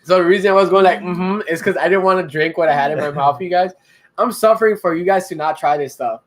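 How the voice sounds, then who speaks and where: A man's voice: sits high, fast. A young man co-hosting a beer podcast, joking around, laughing often and swearing casually. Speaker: podcast co-host. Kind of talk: casual chat.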